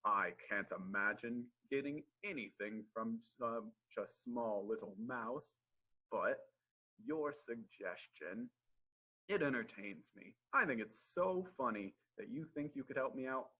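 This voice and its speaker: Storybook lion: big, proud, loud, bright-toned with a husky grain, as a man reads him. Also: mid-range voice, expressive, a little slow, exaggerated voice, low-quality recording. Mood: boastful. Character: big proud male lion, gruff then humbled.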